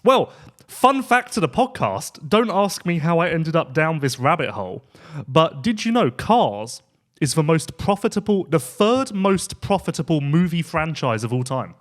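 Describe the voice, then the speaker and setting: A man hosting a podcast, chatting casually and playfully and laughing easily. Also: a little high. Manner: animated, playful, quick to laugh. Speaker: podcast host.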